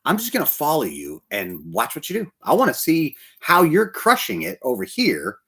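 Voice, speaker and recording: Man, pastor, storytelling sermon, animated delivery, very lively pitch. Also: normal speed, creaky, slightly rough. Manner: animated storyteller, quoting others.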